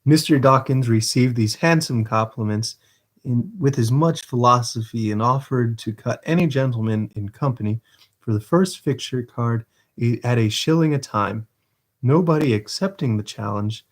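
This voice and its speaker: A man casually reading a novel aloud on a livestream, with relaxed, self-deprecating asides. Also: mid-range voice, moderate pace. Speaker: livestream reader.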